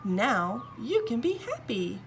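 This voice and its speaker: Woman playing a bubbly sunny storybook girl, bright and high, chirpy, unhurried. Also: very animated, a little hiss or hum, heavily acted. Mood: giggly. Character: cheerful, bright little woman, always smiling.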